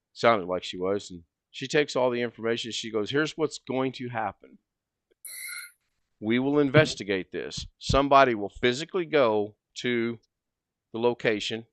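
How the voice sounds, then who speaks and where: A man hosting a livestream, telling a long story in a casual, animated way and acting out both sides of the conversation. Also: medium pitch, dry recording. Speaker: livestream host.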